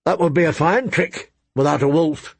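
A man reading an audiobook, voicing a gruff and irritable king who grumbles and blusters. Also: on the high side, moderate pace, dry recording, voice pushed up.

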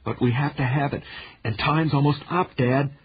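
A man's voice: medium pitch, moderate pace, husky, muffled recording, voice pushed up. A man voicing an intense teenage boy who speaks in urgent, clipped demands. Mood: insistent. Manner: urgent, insistent, rapped out.

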